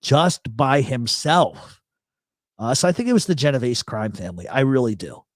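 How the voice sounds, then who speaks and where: A man's voice: mid-range voice, sing-song, fast, a little mellow, no room sound. A man from New York hosting a casual livestream chat, blunt and joking, swearing freely, on an expensive studio mic run through a voice processor. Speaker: host. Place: home studio.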